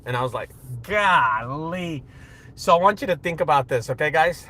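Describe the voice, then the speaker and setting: A man telling a story in a casual, slangy live video, animated and excitable. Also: a little high, quick pace, slight background noise, poor audio. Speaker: junk removal business owner and channel host.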